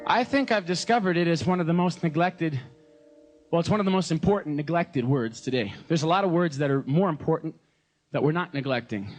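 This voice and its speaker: A young American man in his twenties, giving a joking, animated sermon at a live concert and mimicking voices. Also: fairly high pitch, fairly quick, soft background music. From United States. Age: 20s. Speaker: gospel singer preaching.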